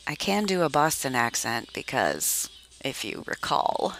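A woman's voice: extremely low pitch, lively intonation, slow, pauses often, pushed and bright. A middle-aged woman from Massachusetts chatting casually and rambling, with frequent laughs and trailing-off sentences. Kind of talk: casual chat.

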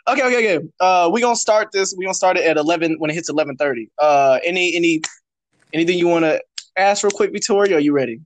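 A male podcast host chatting loudly and jokily on an online call. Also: sits high, expressive, fast talker, slight background noise. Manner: hyped, loud, jokey. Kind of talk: casual group chat on a call. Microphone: online call mic.

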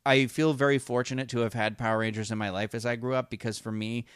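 A man co-hosting a casual fan podcast, talking in halting, rambling sentences full of restarts and fillers. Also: mid-range voice, flat delivery, clear, resonant tone, no echo, clean studio sound. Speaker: podcast co-host.

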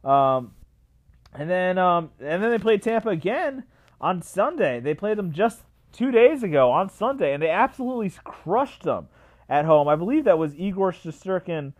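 A man's voice: high-pitched, normal speed. Ranting young man, sports podcast host. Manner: animated, repetitive, ranting. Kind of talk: solo sports podcast rant.

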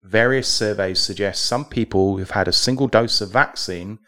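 A British man with a very deep voice co-hosts a casual podcast. He reads news items aloud and riffs on them with jokes. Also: normal speed, bright, forceful tone. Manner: jokey, reads headlines aloud. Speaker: podcast co-host.

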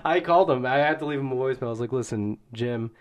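A man's voice: medium pitch, rapid-fire. A man co-hosting a podcast in a jokey, rambling way, laughing often. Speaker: podcast co-host. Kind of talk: casual podcast chat.

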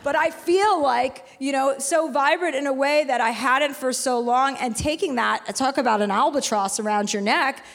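A woman podcast host in her forties tells stories on a live show from a venue stage, frank and profane, rambling and restarting as she goes. Her voice is high-pitched with vocal fry, moving at a moderate pace with hardly any pauses, and a long hall reverb trails it.

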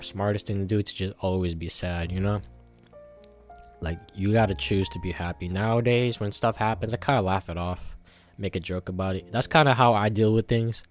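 A man telling a casual, rambling story to the camera, full of fillers and swearing. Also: sits low.

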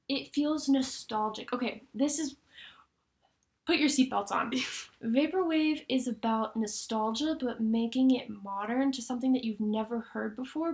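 Young woman, podcast co-host, casual chat, slightly high-pitched, lots of "like". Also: a little mellow. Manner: chatty, many "like" fillers, enthusiastic.

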